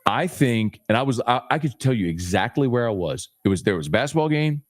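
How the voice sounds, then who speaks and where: A man talks on a podcast as a guest, emphatic and teasing, his voice jumping high when he presses a point. His pitch sits mid-range. The line is dry, with no room sound around him. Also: big pitch swings, no echo. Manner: emphatic, teasing, rapid bursts. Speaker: sports radio host, guest. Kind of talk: animated podcast chat.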